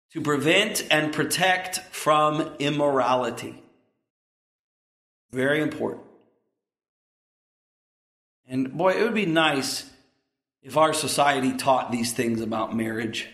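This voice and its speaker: A man in his thirties preaches an earnest, emphatic sermon with asides to the congregation. His voice sits a little high for a man. The recording carries the echo of a church room. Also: slow pace, pauses often, a bit bright. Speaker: pastor.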